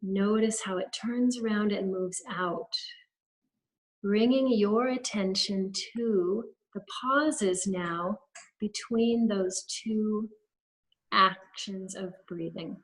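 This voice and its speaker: Slow, gentle woman guiding breathwork. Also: medium pitch, poor audio. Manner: slow, gentle step-by-step instructions. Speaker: holistic health practitioner. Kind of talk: guided breathing exercise. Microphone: webinar video call.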